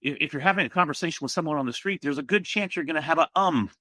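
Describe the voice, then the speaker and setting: A man chatting as a guest on a podcast, telling stories in a relaxed, animated way. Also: fairly high pitch, rapid-fire, dry recording. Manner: relaxed storyteller, animated asides. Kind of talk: casual conversational interview.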